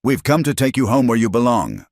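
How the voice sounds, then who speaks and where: A man's voice: medium pitch, very animated, fairly quick, gravelly, a little mellow, no echo, clean studio sound, voice pushed up. A man voicing a hostile frontier townsman who snarls contemptuously at the people he confronts. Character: hostile frontier townsman leading an armed mob.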